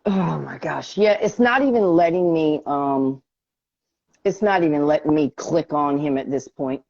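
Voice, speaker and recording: A woman's voice: deep voice, a little slow, creaky, darkish tone, no echo. A woman hosting a casual live stream, talking to herself as she struggles with the app and grows frustrated. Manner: frustrated, talking to herself while fixing tech. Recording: dull lo-fi stream audio.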